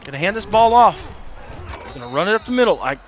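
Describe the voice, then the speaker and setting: A man casting a college esports football match live, excitable, joking, and shouting on big plays. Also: high-pitched, quick pace. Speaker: esports caster. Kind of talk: live play-by-play commentary on a video game stream.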